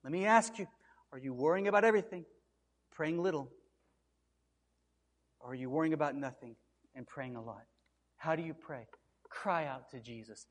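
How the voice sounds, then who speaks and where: A man's voice: fairly high pitch, normal speed, long reverb tail. A man preaching a sermon as pastor, building to emphatic, repeated cries.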